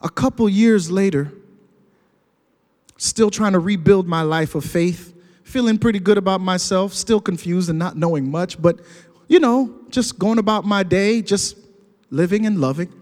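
A man's voice: high-pitched, moderate pace, darkish tone. A man preaching a storytelling sermon, earnest and building to emphatic peaks. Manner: earnest, rising to emphatic outbursts. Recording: long hall reverb.

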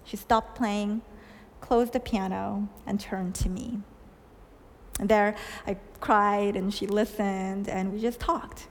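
A woman preacher giving a sermon, telling stories and asking questions, with soft hushed lines for quoted words. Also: medium pitch, fairly even intonation, takes it slowly, a little hiss or hum. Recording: long hall reverb.

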